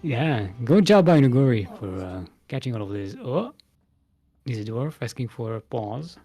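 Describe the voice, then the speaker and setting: A man's voice: medium pitch, sing-song, normal speed, mellow, faint music behind. Playful man casting a live match. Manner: playful, laughs often, jokes between play calls. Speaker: esports caster. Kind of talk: casual live game commentary.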